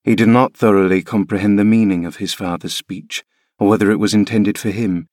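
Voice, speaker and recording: A man reading a classic novel aloud as scripted narration, measured and unhurried. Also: fairly low pitch, steady tone, darkish tone, no room sound, clean studio sound. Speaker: audiobook reader.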